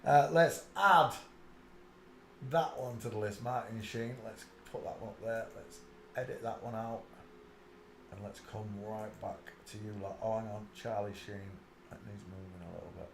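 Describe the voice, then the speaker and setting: A man's voice: moderate pace, vocal fry, reverberant, noisy background. A man hosting a live stream, rambling on and muttering asides to himself. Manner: breaks into high shrieking laughter.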